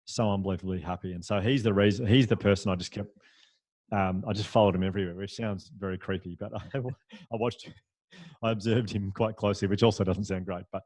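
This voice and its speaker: A man, a podcast guest, telling a story in a lively, anecdotal way, with frequent restarts and fillers. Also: on the low side, a little fast, no room sound. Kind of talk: storytelling in a conversational interview.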